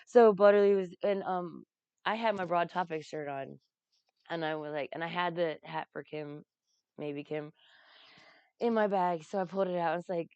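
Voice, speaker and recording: A woman's voice: on the low side, moderate pace, a little mellow, clear, resonant tone, no echo, lo-fi sound. A woman telling casual, rambling stories, laughing often and swearing freely. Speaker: vlogger recounting a comedy festival. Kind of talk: casual storytelling.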